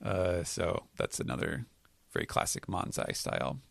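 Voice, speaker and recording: A podcast host recaps comics in a casual chat, speaking in a fairly low, gravelly, slightly bright voice with lively intonation. He's hesitant, pausing often and using many fillers and restarts as he explains. The sound is dry and close, with no echo or room around it.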